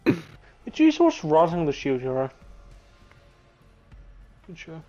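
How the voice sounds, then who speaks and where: A man's voice: on the high side, wildly swooping pitch, measured pace, warm tone, lo-fi sound, faint music behind. A laid-back young man teasing his friend in a late-night chat, laughing often and calling him mate.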